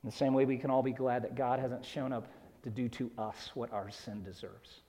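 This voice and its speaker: A man's voice: medium pitch, flat delivery, moderate pace, dark tone. Earnest preaching man in a reverberant hall. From Southern United States. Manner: earnest, explanatory, building to emphatic peaks. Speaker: pastor. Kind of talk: expository sermon.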